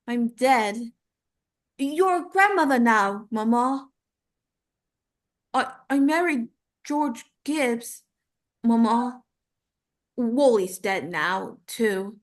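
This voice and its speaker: A woman performs a dramatic monologue as the ghost of a grieving young woman softly pleading with her mother, in a full character voice. Her high, bright voice has lively intonation and moves slowly, halting with long, aching pauses. The delivery stays tender, pleading, and wistful throughout.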